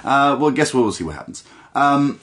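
A man's voice: mid-range voice, very animated, normal speed, fairly bright tone. A young man co-hosting a casual wrestling podcast, laughing often as he retells scenes. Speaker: podcast co-host. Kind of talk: casual wrestling review chat.

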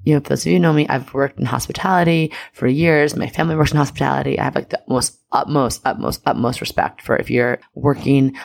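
A woman's voice: extremely low pitch, fairly even intonation, fast talker, gravelly, few pauses. A young woman hosting a podcast, telling a personal story in a chatty, candid way full of fillers and the odd swear. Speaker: podcast host. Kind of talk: casual storytelling monologue.

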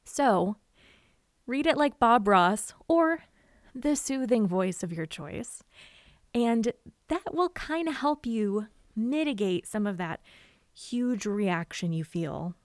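A woman giving casual writing advice to camera, expressive and chatty, often acting out quotes. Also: fairly high pitch, slow pace, dry recording, clean studio sound. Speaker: writer and vlogger.

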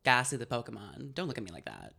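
Young woman co-host, bright tone, animated storyteller in a casual chat. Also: extremely low pitch, fast, creaky, husky. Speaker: podcast co-host.

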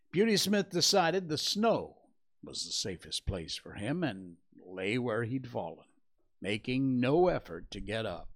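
A man hosting a show, reading a classic adventure novel aloud in slow, measured narration. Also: medium pitch.

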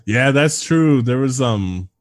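A man's voice: mid-range voice, lively intonation, takes it slowly, no room sound. A man in his thirties co-hosting a casual podcast, joking darkly and laughing often. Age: 30s. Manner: sardonic, dark humor, laughs often. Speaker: podcast co-host.

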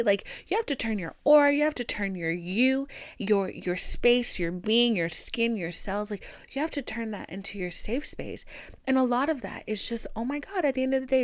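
A woman's voice: a little high, clear, resonant tone, no echo, studio quality. A young woman with a Southern country accent hosting a podcast, talking straight to the listener in a sassy, emphatic way. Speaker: podcast host. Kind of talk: casual advice monologue.

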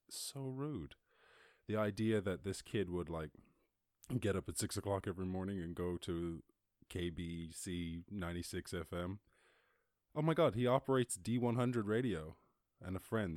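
A man with an Irish accent hosting a casual solo podcast, reacting to news in a jokey, excitable way and swearing freely. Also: lowish voice, no echo, studio quality. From Ireland. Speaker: podcast host.

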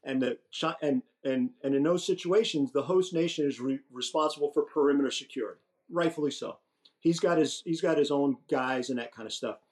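The guest is a retired general in his sixties whose voice runs on the high side and moves fairly quickly. He tells relaxed, animated anecdotes sprinkled with mild swearing and frequent restarts.

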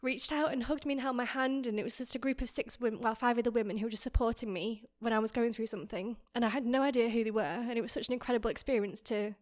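Woman, podcast co-host, higher voice, tearful, rambling storytelling, filler-heavy. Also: fairly even intonation, quick pace, few pauses. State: emotional, near tears. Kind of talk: emotional podcast conversation.

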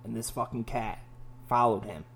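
A man telling stories in a casual podcast chat, animated and full of swearing. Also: on the low side, normal speed, gravelly, slight background noise. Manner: profane, animated storytelling. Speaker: podcast host.

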